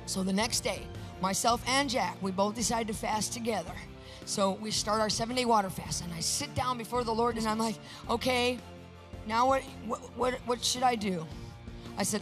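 A woman sharing a personal faith testimony, storytelling in an animated way and acting out the voices she quotes. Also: on the high side, moderate pace, soft background music. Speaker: Christian speaker sharing a testimony.

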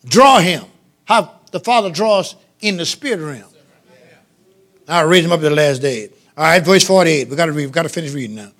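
Man, preacher, call-and-response sermon, high-pitched, ringing bright tone. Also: expressive, a little fast. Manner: sings out phrases, shouts and drops to low murmurs, laughs with the congregation. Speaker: pastor.

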